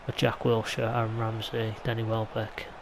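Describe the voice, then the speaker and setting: An English gaming YouTuber talks at normal speed in a lowish voice with completely flat delivery and vocal fry. He chats casually over his football video game play, rambling into mild side remarks while background noise runs throughout.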